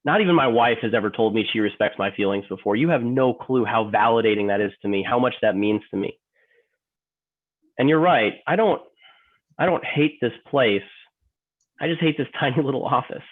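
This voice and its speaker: A man's voice: mid-range voice, brisk, pitched below the performer's own voice, close to an everyday voice. A man playing an emotional office worker in a training role-play, stammering, repeating himself and apologizing over and over. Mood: hopeful. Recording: tinny phone-like line.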